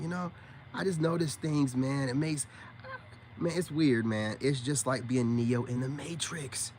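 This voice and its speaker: Speaking a little slowly in a slightly high, slightly mellow voice, a man presenting himself as a spiritual coach talks casually to his livestream chat. He drawls and teases the viewers, repeatedly saying "you know what I'm saying," with a bit of background noise behind him.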